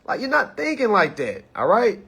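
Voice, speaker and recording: A man speaks in with a somewhat high, husky voice. He lectures his viewers in a casual monologue. He keeps checking in with "all right?" after nearly every point. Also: wildly swooping pitch, moderate pace, a bit bright. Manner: preachy, repeats "all right?" often. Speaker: commentator.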